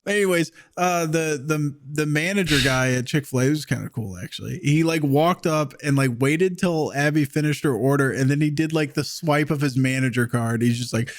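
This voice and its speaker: A laid-back man in his thirties co-hosts a podcast and tells a story in casual chat. His voice sits a bit high for a man, and the sound is close and dry, with no room echo. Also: moderate pace, few pauses. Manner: laid-back, swears often, laughs while telling stories. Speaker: podcast co-host.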